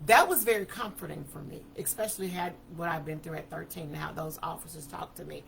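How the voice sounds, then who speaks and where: A woman tells her story in a bright, forceful voice. She talks in an animated way, acting out each quote as she speaks. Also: fairly low pitch, fairly quick, vocal fry, hardly any pauses, a little hiss or hum. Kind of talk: personal testimony talk.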